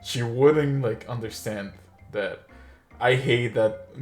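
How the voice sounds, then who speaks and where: A man's voice: mid-range voice, slow pace, soft background music. A young man casually recounting a story as a vlogger, rambling with lots of filler words and chuckling now and then.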